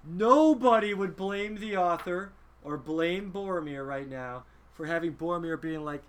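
A man leading a film discussion in a lively, emphatic teaching style, often asking his listeners rhetorical questions. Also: high-pitched, unhurried, hardly any pauses, clean tone. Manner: emphatic, conversational.

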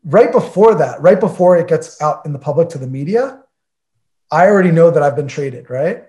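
A man's voice: fairly high pitch, animated, normal speed, mellow. A man in his forties, an interview guest, telling a story in a chatty way with many fillers and acted-out conversations. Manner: chatty, filler-heavy, acts out quoted conversations. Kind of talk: casual anecdotal storytelling.

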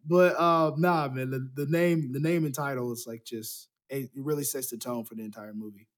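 A man's voice: medium pitch, fairly even intonation, normal speed. A man chatting casually about a movie as podcast co-host, with rambling, slangy talk. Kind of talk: casual movie review chat.

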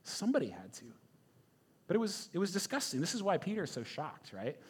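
The pastor's high voice swings hugely in pitch, sounds slightly rough, and moves briskly. He preaches conversationally and emphatically, often checking in with listeners through repeated "right?" asides.

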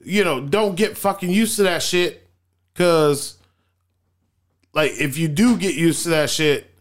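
A man's voice: fairly high pitch, measured pace. A man in casual group chat, telling profane stories and acting out quotes. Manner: profane, animated storytelling with acted-out quotes.

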